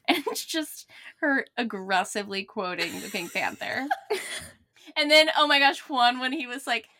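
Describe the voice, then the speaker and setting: A woman's voice: a little high, pushed and bright. A young woman from the United States co-hosting a casual chat podcast, joking playfully and laughing easily. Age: young adult. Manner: playful joker, quick to laugh. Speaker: podcast co-host.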